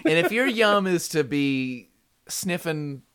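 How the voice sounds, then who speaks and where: A man co-hosting a casual comedy podcast, reading out a news story with halting restarts, asides and laughs. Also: a little high, sing-song, a bit bright, clear, resonant tone. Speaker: podcast co-host.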